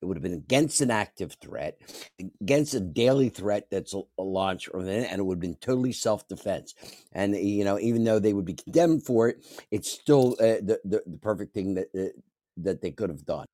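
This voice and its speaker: A man arguing his view on a panel discussion, forceful and halting, with frequent restarts. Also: on the low side, expressive, no echo, clean studio sound. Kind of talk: opinionated panel debate.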